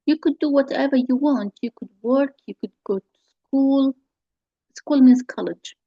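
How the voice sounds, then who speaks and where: A woman's voice: high voice, normal speed, no echo, pitched above the performer's own voice. A woman reading the lines of a managing, bossy older sister from a play, in a dull, dry recording. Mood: coaxing. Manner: insistent, persuasive. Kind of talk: reading a play scene aloud.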